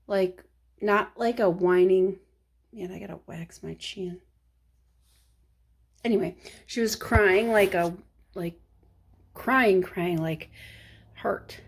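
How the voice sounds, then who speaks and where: A woman's voice: medium pitch, measured pace, darkish tone, breathy edge. A woman chatting casually to the camera from home, rambling between topics and sometimes dropping to a whisper. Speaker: vlogger. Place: at home, working from home.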